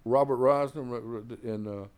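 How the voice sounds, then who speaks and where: A man's voice: slow, darkish tone. An older man, a jazz musician, casually telling long stories about his early days, full of "you know" and "man", acting out the people he quotes. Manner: acts out others' quoted lines with raised pitch. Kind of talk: casual storytelling.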